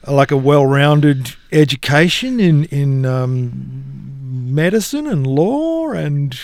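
A man's voice: medium pitch, expressive, slow pace, a little mellow, dry recording. A man hosting a podcast, talking in a chatty, loose, informal way. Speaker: podcast host. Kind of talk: casual chat.

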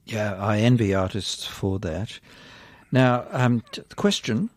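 A man hosting a radio interview, with a low voice and a chatty, friendly way of asking questions. The sound is dry and close to the mic. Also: a little slow, no echo. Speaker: radio host.

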